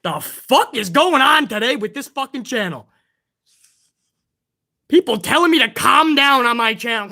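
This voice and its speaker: Excitable streamer host, high bright voice, profane rant. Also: a little slow, long pauses. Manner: profane, heated ranting. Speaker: host of a pro wrestling livestream. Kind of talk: livestream rant.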